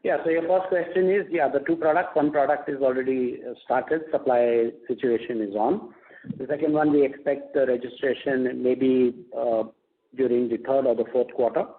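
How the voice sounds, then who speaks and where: A male company executive with an Indian English accent answering analysts on an earnings call, halting and full of fillers and restarts. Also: medium pitch, steady tone. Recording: tinny phone line.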